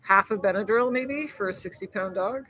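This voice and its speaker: A woman's voice: mid-range voice, normal speed, bright, forceful tone, no room sound, low-quality recording. A woman hosting a casual live stream, rambling and chatty, laughing often and swearing freely as she reads viewer comments.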